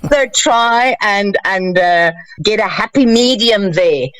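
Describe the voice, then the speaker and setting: A woman's voice: mid-range voice, slow, a bit bright, a little hiss or hum, rough recording. A woman, a life coach giving emphatic, playful advice on a radio show. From South Africa. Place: radio studio.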